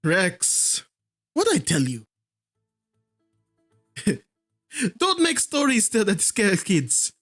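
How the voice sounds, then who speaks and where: Man putting on a tough dragon matriarch, clipped broken English, pitched up, for a tabletop game. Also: huge pitch swings, extremely slow, pauses often, a bit bright, faint music behind, exaggerated voice. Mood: scolding. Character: buff scarred female brass dragon mother, stern.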